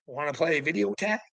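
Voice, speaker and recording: A man's voice: fairly high pitch, pushed and bright, dry recording, rough recording. A man delivering a profane, taunting rant to the camera, often breaking into laughter. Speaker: online commentator. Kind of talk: ranting monologue to camera.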